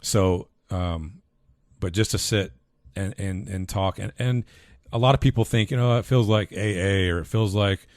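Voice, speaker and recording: A man's voice: deep voice, normal speed, darkish tone, no echo, studio quality. A man co-hosting a podcast who speaks in a heartfelt, earnest way and often repeats words as he restarts his sentences. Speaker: podcast co-host, husband and father. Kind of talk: casual podcast conversation.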